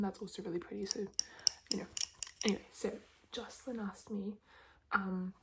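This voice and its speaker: A young Australian woman in her twenties, rambling through a whispered ASMR Q&A between soft spoken and whispered words, with lots of "like" fillers. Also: medium pitch, moderate pace, noisy background. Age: 20s. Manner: rambling, chatty, many "like" fillers. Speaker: ASMR creator. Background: tapping clicks.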